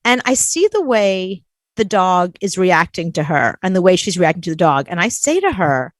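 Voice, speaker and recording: A woman's voice: fairly low pitch, moderate pace, dry recording. A woman co-hosting a show, telling a story in casual chat and acting out the people she quotes. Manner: animated, acts out quoted voices. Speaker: co-host.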